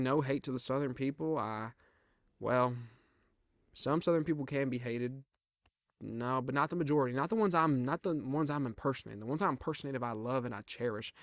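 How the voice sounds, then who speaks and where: A man's voice: mid-range voice, no echo, studio quality. A young man in his twenties hosting a comedic podcast solo, rambling and joking in a self-mocking way with lots of asides. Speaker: podcast host.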